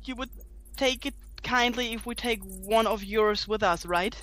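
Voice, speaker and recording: A woman's voice: fairly high pitch, a little slow, fairly bright tone. A woman playing a tabletop game, hesitant and a bit apologetic. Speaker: player. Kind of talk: in-character play, casual.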